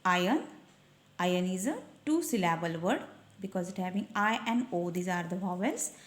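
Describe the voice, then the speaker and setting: A woman teacher, slowly explaining a textbook page and spelling out letters. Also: fairly low pitch, expressive. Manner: slow, patient, spells out letters. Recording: echoey room.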